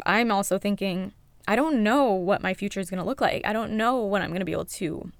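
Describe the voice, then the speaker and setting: A woman's voice: medium pitch, vocal fry, dry recording. A young woman telling her own story of recovering after an accident, candid and emotional, swearing freely. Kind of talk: personal storytelling to camera.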